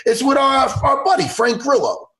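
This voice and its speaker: A man hosting a podcast in casual chat, excitable and animated, laughing often and acting out what others said. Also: very high-pitched, normal speed. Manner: animated, excitable, laughs a lot, acts out impressions loudly. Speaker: podcast host.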